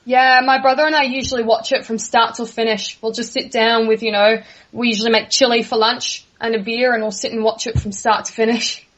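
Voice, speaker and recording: A woman's voice: a little high, level tone, a little fast, few pauses, a bit bright. Friendly young Australian woman, lo-fi. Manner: friendly, laughs easily. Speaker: guest. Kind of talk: casual interview answers.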